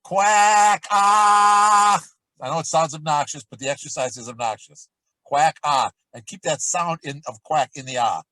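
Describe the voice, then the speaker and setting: A middle-aged man coaching a vocal warm-up lesson, talking in a relaxed, chatty way between loud sung demonstrations. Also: mid-range voice, brisk, hardly any pauses, dry recording, low-quality recording. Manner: demonstrates exercises with loud sung shouts and quacks.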